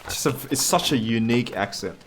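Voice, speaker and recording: A man's voice: medium pitch, lively intonation, brisk. Guy muttering thru a sim game, wry little jokes, mid voice, game clicks and noise behind. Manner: chatty, thinks aloud, wry asides. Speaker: gaming channel host. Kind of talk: casual gameplay commentary.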